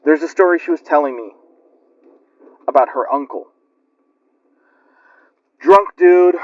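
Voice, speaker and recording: Brief: rambling male storyteller, a little high-pitched, lo-fi audio. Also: dry recording. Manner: rambling, chatty, lots of fillers. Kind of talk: casual spooky storytelling. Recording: lo-fi muffled recording.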